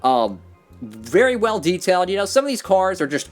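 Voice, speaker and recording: An excitable man reviews a model race car in an easygoing, rambling way. His pitch swings up and down a lot as he gushes, and soft music plays faintly behind him. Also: moderate pace. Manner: enthusiastic, rambling with fillers and repeats. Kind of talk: casual product review.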